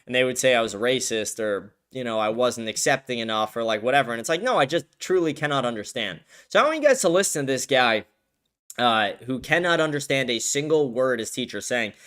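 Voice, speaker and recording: A man's voice: medium pitch, animated, a little fast, a bit bright. A man hosting a live-stream show, ranting bluntly in casual commentary, heavy on profanity.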